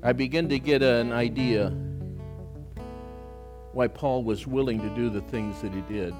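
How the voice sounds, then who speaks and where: A man preaching a sermon, his delivery swinging from hushed, intimate phrases to loud, impassioned outbursts. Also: medium pitch, fairly even intonation, a little slow, music in the background. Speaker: pastor.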